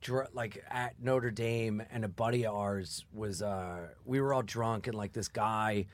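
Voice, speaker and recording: A man's voice: lowish voice, a little slow. A male comedian guest chatting casually on a podcast. He rambles and runs himself down, filling his talk with "like". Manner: rambling, self-deprecating, full of "like".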